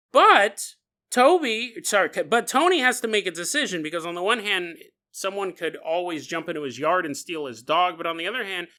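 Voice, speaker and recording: A man's voice: on the high side, bright, forceful tone. A man hosting a podcast, telling a story in a casual, jokey way with laughing asides and acted-out bits. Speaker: podcast host.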